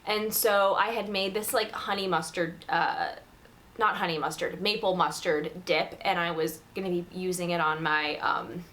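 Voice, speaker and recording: A woman's voice: lowish voice, steady tone, moderate pace, fairly bright tone. A woman talking straight to camera in a casual way, full of "like" fillers and frank opinions. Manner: chatty, filler-heavy, candid opinions. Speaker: vegan video creator.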